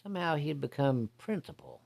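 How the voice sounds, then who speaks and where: A man's voice: fairly high pitch, animated, fairly quick, vocal fry, darkish tone. A man casually telling a story from his own life in a blunt, folksy, profane way. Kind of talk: casual first-person storytelling.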